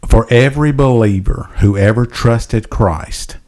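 A male podcast co-host getting animated as he preaches, with direct appeals to the listener. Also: mid-range voice, unhurried, noisy background. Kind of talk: preaching-style Bible discussion.

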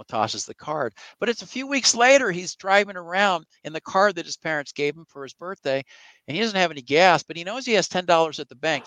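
A man's voice: fairly high pitch, a bit bright, clean tone, no echo, poor audio. A man in an interview who explains his faith through long anecdotes. He acts out the quoted voices in his stories. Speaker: evangelical Christian guest. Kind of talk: conversational interview.

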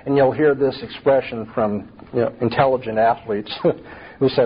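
A man's voice: mid-range voice, fairly even intonation, normal speed, lo-fi sound, a little hiss or hum. A man preaching a sermon, emphatic and full of rhetorical questions.

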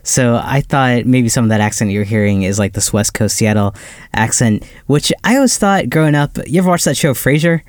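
A man co-hosting a film podcast, easygoing and quick to laugh. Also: mid-range voice, dry recording, studio quality. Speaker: podcast co-host. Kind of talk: casual film review chat.

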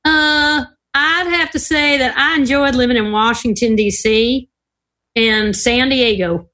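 A woman's voice: high voice, fairly even intonation, a little slow, pushed and bright. An older woman, a podcast guest, telling stories in casual talk, acting out the voices she quotes and laughing often. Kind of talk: casual storytelling interview.

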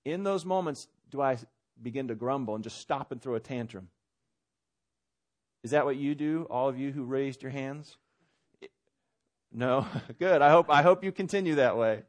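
A man preaching a sermon from a church stage, conversational, swinging between loud emphasis and quiet asides. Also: medium pitch, moderate pace, long pauses. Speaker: pastor.

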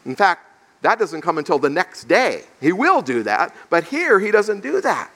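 His voice sits high and sounds sing-song and fairly bright, at a moderate pace. This male pastor explains scripture verse by verse in an expository sermon, voicing the questions its characters ask, with a large hall's long reverb around him.

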